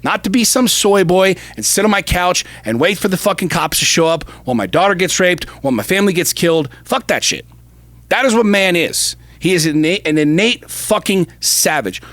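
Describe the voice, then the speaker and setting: A man's voice: animated, fairly quick, no echo. Fiery profane man ranting on a podcast. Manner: forceful, profane, emphatic repetition; swings from shouting to low intensity. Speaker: podcast co-host. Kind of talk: heated podcast rant.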